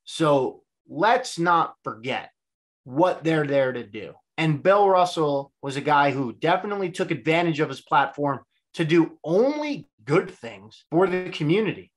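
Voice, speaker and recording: A man's voice: fairly high pitch, animated, a little slow. A man in his twenties hosting a solo sports podcast, talking in an earnest, reflective, conversational way. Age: 20s. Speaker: podcast host.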